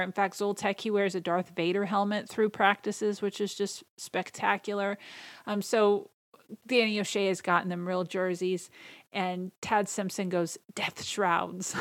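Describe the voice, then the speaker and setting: A woman's voice: mid-range voice, no echo. A woman hosting a podcast, chatting enthusiastically through a casual movie recap. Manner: chatty and enthusiastic, reading out favorite quotes. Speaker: podcast host.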